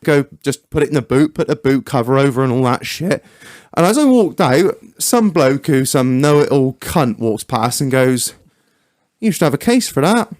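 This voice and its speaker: A man's voice: medium pitch, normal speed, hardly any pauses, no echo, clean studio sound. Sweary man telling stories. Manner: sweary, animated storyteller. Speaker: podcast co-host. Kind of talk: casual banter.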